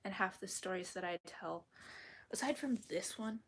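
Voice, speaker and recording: A woman's voice: mid-range voice, moderate pace, husky. A woman chatting casually with her viewers on a live stream from her bedroom, rambling and often slipping into a whisper. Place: bedroom at home.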